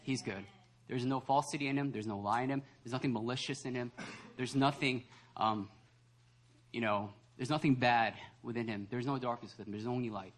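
A young adult man, a pastor, preaching a lively sermon that acts out voices and laughs often. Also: medium pitch, brisk. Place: church service hall.

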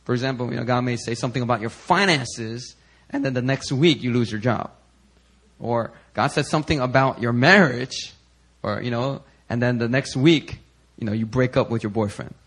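A male pastor preaching in a conversational storytelling way, full of "you know" fillers and growing animated. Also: medium pitch, moderate pace. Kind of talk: sermon storytelling.

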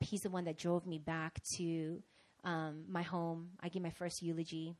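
A young woman preaching and telling a personal testimony, animated, swinging from hushed to loud. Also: lowish voice, a little slow. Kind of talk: sermon testimony storytelling.

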